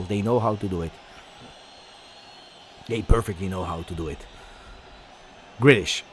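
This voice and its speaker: A man with an Italian accent doing live fan commentary on a match, excitable, throwing in Italian exclamations and talking to his viewers. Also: fairly low pitch, slight background noise. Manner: excitable, switches into Italian exclamations, talks to chat.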